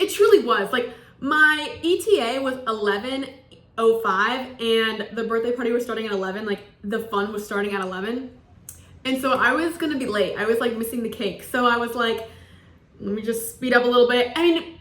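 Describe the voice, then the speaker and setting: A college student in her twenties tells a story casually and loosely, peppering her lines with "like" and acting out quoted dialogue. Her bright voice sits a little high, and the room around her rings with echo.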